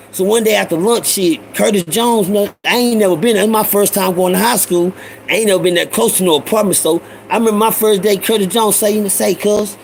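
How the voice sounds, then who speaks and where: A middle-aged storyteller host from Houston, Texas, tells street stories straight to listeners in a high, gravelly voice, calling them y'all. His casual monologue is animated, loose and full of profane street slang. The low-quality recording carries a faint ambient hiss.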